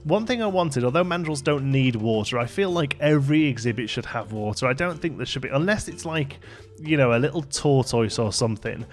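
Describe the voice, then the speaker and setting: A man talks through his build in a relaxed, meandering way, full of ums and self-deprecating asides. He sounds a bit worn out and yawns now and then. His voice sits at an ordinary pitch, and soft music plays faintly underneath. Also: fairly quick. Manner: rambling, chatty, self-deprecating, many fillers. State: tired, yawning. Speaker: gaming YouTuber. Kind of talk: casual let's play commentary.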